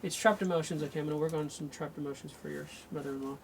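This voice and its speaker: A man's voice: fairly high pitch, steady tone, racing, creaky, a little hiss or hum. A man working as an energy healer, thinking aloud and breaking off mid-sentence as he runs a live remote healing session. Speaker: radio show host.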